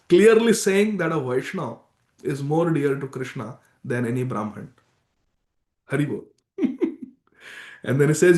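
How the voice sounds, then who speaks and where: A man's voice: a little high, moderate pace, pauses often, darkish tone. A man teaching a morning scripture class in a temple, retelling stories emphatically with devotional exclamations. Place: temple hall. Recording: echoey temple hall.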